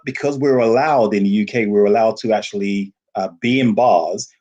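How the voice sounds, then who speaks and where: A man being interviewed on a podcast over a video call, telling animated stories with frequent laughs. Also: lowish voice, moderate pace, dull audio. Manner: enthusiastic, animated storyteller who laughs often. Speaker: guest, rum ambassador.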